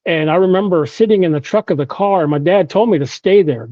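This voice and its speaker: A man's voice: high-pitched, fairly quick, mellow, no echo, highs cut off. A man from Oklahoma, a podcast guest, telling a personal story with frequent "you know" and restarts.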